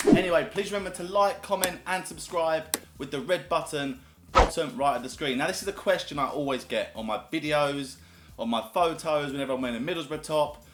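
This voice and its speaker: A man's voice: a little high, fairly quick, fairly bright tone, slight background noise. A man with a southern English accent chatting casually to camera, upbeat and storytelling. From southern England. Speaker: YouTuber. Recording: echoey room with faint music.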